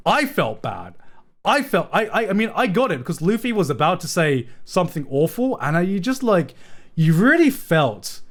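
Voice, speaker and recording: Excitable high-voiced male streamer. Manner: excitable, swears a lot, repeats himself. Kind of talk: casual live-stream chat.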